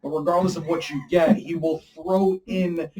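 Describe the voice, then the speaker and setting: A man co-hosting a casual film podcast, talking with animated energy and a fairly high voice. He sits some distance from the microphone, so he sounds roomy and set back. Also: moderate pace. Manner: animated, builds arguments with impressions. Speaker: podcast co-host. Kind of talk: casual film review chat. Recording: voice distant from the mic.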